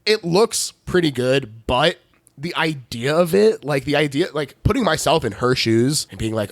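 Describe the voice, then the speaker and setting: Gravelly-voiced man recapping a horror movie. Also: fairly high pitch, lively intonation, normal speed, dry recording. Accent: Philadelphia. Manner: laughs often, swears, playful recapping. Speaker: podcast host. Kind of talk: casual movie recap chat.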